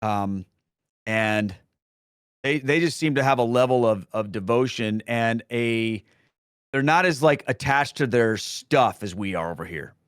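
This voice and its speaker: A man's voice: mid-range voice, measured pace, clean tone, no room sound, clean studio sound. A middle-aged man answering questions in a casual Q&A, rambling with frequent restarts and fillers. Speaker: guest, Catholic speaker and former pastor.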